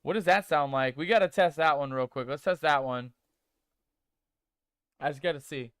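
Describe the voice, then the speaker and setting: A man streaming a game talks casually and playfully with viewers he calls mateys, reading chat aloud and trying text-to-speech voices. His voice is a little high and fairly bright, clear and resonant, at a normal speed. The audio is clean studio sound with no echo.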